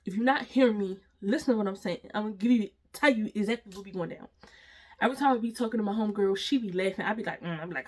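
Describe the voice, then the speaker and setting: A woman's voice: mid-range voice, quick pace. A woman, dramatically telling a storytime vlog and talking straight to her viewers with slang. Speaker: storytime vlogger.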